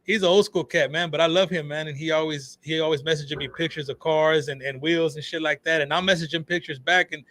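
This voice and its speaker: A man, a phone repair shop owner guesting on a talk show, telling animated stories full of swearing and acted-out quotes. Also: a little high, fast, few pauses. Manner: animated storyteller, swears freely, acts out quotes. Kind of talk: casual talk show chat.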